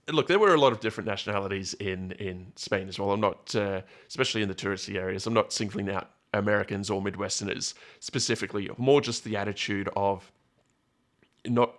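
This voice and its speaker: Rambling man, lowish voice. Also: a bit bright. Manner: rambling, self-correcting, anecdotal. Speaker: political commentator. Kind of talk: solo commentary monologue.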